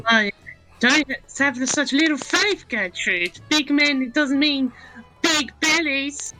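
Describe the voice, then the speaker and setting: A woman playing a tabletop fantasy game, talking in a bubbly, excitable way. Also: high voice, takes it slowly, soft background music, rough recording. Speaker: player.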